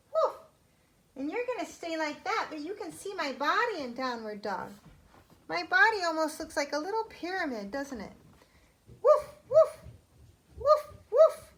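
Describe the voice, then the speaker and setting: A woman leading a yoga class for young children at home, talking gently and encouragingly as she guides each step. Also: very high-pitched.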